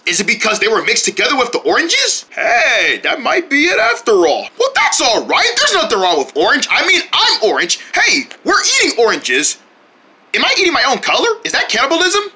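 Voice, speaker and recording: Wildly animated, bright cartoon voice. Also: mid-range voice, normal speed. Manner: switches voices, excitable outbursts and shouting. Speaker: cartoon creator voicing every character. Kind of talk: comedic cartoon voice acting with parody ads.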